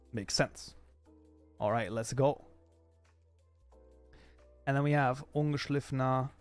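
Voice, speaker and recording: A man's voice: fairly high pitch, a little mellow. A young man with a German accent, hosting a livestream in a loose, casual chat that is full of swearing and laughter. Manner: talkative, swears freely, laughs often. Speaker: livestream host.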